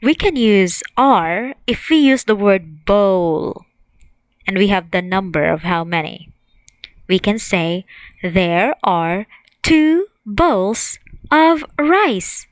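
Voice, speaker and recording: A woman teaching an English grammar lesson, speaking slowly and repeating key words for learners to say along with her. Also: medium pitch, expressive, no echo, rough recording. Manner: slow, drilling and repeating words, asks students to repeat.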